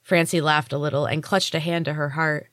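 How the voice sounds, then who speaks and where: A woman narrates her own fantasy story in a low, steady voice. The reading is measured and even, recorded dry and close to the mic. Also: dry recording. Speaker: podcast host and author reading her fiction. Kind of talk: audiobook narration.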